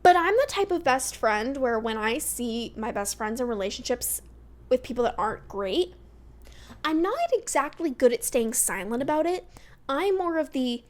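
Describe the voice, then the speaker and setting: A young woman chatting casually in a rambling, animated way, with sassy outbursts. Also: sits high, normal speed. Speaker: YouTuber reviewing a reality show.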